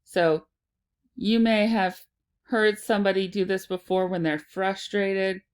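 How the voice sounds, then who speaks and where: A woman teaching a phonics lesson to children, sounding out and repeating words slowly and deliberately. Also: medium pitch, fairly even intonation, smooth.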